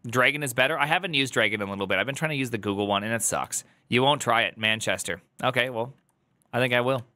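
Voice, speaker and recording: A man reacting to a video on a live stream, rambling with restarts and loud joking asides. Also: medium pitch, animated, quick pace, no room sound.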